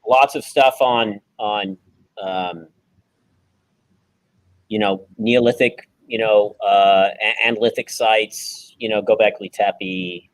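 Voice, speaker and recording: Relaxed halting male co-host, dry sound. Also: fairly low pitch, no room sound, rough recording. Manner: relaxed, halting, many fillers. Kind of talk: casual online group chat.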